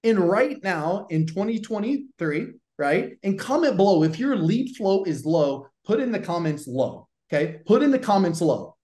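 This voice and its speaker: A man's voice: sits high, big pitch swings, moderate pace, hardly any pauses, warm tone, echoey room. A man with a Southern accent, a gym business coach hosting a show, talking in a punchy, pushy way and swearing casually. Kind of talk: energetic coaching talk.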